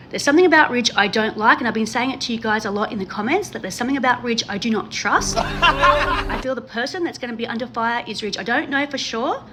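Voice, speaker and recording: A woman's voice: a little high, sharp tone, slight background noise. A woman chatting casually to her viewers about a reality show, gushing and emphatic, repeating herself for effect. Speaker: reality TV commentary host. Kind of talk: casual chat to camera.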